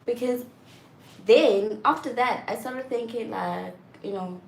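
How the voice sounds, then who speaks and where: A young woman chatting candidly and frankly, often getting loud and exasperated as she makes her point. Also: on the high side, slow pace, gravelly. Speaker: vlogger. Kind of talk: candid casual chat. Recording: roomy echo with faint background noise.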